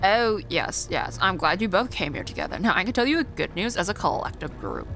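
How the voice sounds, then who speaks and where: A woman's voice: medium pitch, animated, fairly quick, fairly bright tone, faint music behind. A woman voicing a smug, theatrical robot replicator villain who mocks and shows off. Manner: mocking, showy, condescending.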